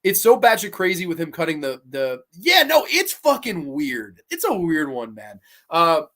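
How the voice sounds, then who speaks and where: Male streamer, casual horror-review host, swears freely, excitable, banters with chat. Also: fairly high pitch, moderate pace. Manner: profane, excitable, reacts to chat. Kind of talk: casual livestream commentary.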